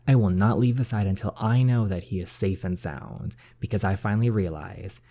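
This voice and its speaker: A man's voice: fairly low pitch, normal speed, mellow. A man reading the lines of a guarded, heartsick young woman, earnestly and with feeling, while playing a story game. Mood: anguished.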